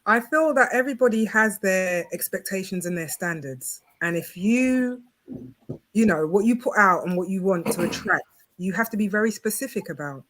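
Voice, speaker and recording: A woman takes part in a relaxed online panel chat. Her voice is mid-pitched and she sounds firm and opinionated, talking as a mother about her son. She joins over a video call. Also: moderate pace. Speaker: panel guest. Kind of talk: casual panel discussion.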